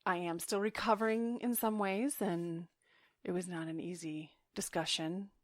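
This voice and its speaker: A woman with a somewhat low voice co-hosts a podcast beside her spouse. She speaks softly and affectionately with gentle teasing. The sound is dry and close. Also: steady tone, unhurried, no echo. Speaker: podcast co-host. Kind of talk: casual chat with spouse.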